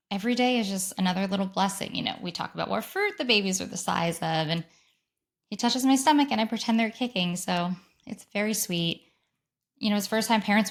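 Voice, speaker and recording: A woman in her thirties hosting a solo podcast, telling a story in an animated, gushing way and acting out what people said. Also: on the low side. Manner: animated, gushing storyteller who acts out quotes. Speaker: podcast host.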